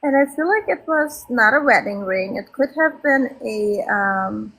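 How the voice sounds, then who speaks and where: A woman psychic medium giving a live reading to a sitter, speaking softly and reassuringly with frequent ums. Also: mid-range voice, low-quality recording.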